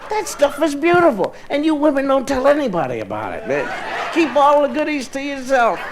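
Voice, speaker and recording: A man's voice: extremely high pitch, brisk. Guy doing stand-up, swoops way up and down, bit of vinyl hiss. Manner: animated storyteller, acting out both sides of dialogue. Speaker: stand-up comedian. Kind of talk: stand-up storytelling to a live audience. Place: live stage with audience laughter. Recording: vintage vinyl live recording with faint hiss.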